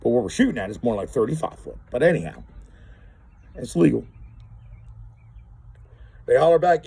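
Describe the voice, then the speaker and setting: A man's voice: medium pitch, brisk, gravelly, pauses often, mellow, no echo, low-quality recording. A man telling a rambling story to camera outdoors, repeating words and acting out what others said. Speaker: vlogger. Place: outdoors on rural property.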